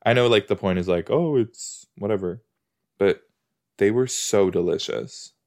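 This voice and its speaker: Sitting on a couch indoors, a man casually reacts to a TV episode, rambling, drifting off topic and often bursting into exclamations. His voice is on the low side and a little mellow, with a measured pace.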